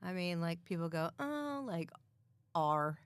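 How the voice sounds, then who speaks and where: An American woman in her fifties chatting casually as a podcast guest, relaxed and laughing often. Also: fairly low pitch, slow, clear, resonant tone, dry recording. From United States. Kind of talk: casual chat.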